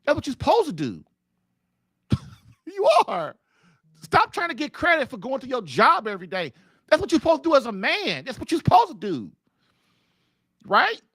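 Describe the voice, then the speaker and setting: A man's voice: high-pitched, fairly bright tone, no echo, studio quality. A middle-aged man hosting a live call-in show, giving marriage advice to men in a casual, repetitive, colloquial way and calling his listeners man and dude. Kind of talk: live-stream talk, casual preaching to men.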